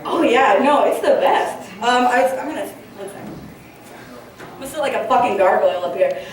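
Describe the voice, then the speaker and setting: A woman's voice: on the high side, animated, normal speed, far from the mic, a little hiss or hum. A young woman doing a stand-up comedy set, rambling and profane, with lots of fillers and giggly asides. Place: comedy club stage, large room. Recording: very echoey room recorded from afar.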